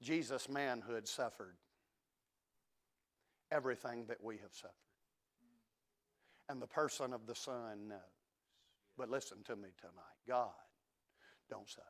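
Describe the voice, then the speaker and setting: A middle-aged man, preaching a sermon in a church and swinging from hushed asides to loud declarations. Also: mid-range voice, a little slow, long pauses. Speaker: pastor. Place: church sanctuary.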